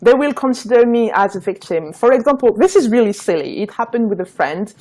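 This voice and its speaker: Earnest woman, halting restarts. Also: on the high side, lively intonation, darkish tone. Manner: earnest, hesitant, with repeated restarts. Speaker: guest. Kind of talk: casual live-stream conversation.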